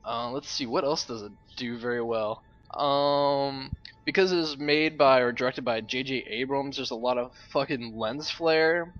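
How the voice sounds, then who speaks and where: A man's voice: mid-range voice, a little slow, a bit bright, no room sound. A young man rambling casually about films while playing a game, offhand and swearing now and then. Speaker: gamer and uploader. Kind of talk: rambling casual commentary over gameplay. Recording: lo-fi home mic.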